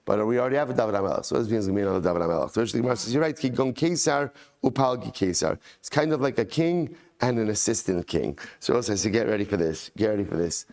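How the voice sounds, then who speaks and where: Speaking fast in a fairly low voice, a rabbi teaches his daily Talmud class. He chants the source text, then discusses it in a conversational way, stressing points excitedly and repeating phrases.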